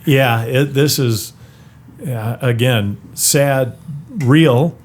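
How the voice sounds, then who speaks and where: A man's voice: medium pitch, extremely slow, slight background noise. A middle-aged man talking as an interview guest, often restarting and repeating words as he thinks. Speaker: guest, brewery founder. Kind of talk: conversational interview.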